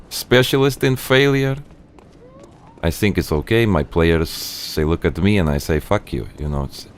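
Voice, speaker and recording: A man doing a brash foreign football manager. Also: on the low side. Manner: broken English, blunt, proud.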